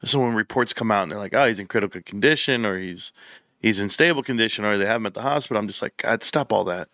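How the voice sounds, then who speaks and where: A man hosts his own commentary show from a room set up for it, talking with building passion and emphatic repetition. His voice is bright and forceful, and the dry, close sound has almost no room echo. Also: fairly low pitch, quick pace. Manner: impassioned, growing heated and emphatic, repeats phrases. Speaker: political commentary show host. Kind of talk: opinionated commentary.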